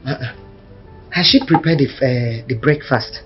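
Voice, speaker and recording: A woman's voice: rumbling low, measured pace, dull audio, music in the background. A woman playing a mother in a family drama, asking questions in a quizzical way. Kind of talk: Nigerian village skit acting.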